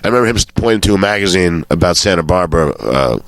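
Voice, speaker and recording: Low-voiced man telling comic stories. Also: lively intonation, fast talker, fairly bright tone, dry recording. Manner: swearing storyteller who acts out quotes. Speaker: comedian guest. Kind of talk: casual anecdote telling.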